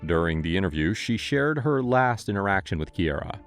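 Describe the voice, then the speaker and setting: A man's voice: sits low, expressive, a little fast, soft background music. A man narrating a true-crime case in a scripted storytelling style, with wry asides.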